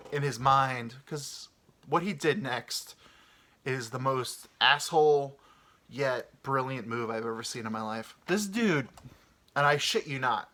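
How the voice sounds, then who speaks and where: A man hosting a comedy podcast, telling a travel story in a rambling, swearing, animated way. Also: medium pitch. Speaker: podcast host.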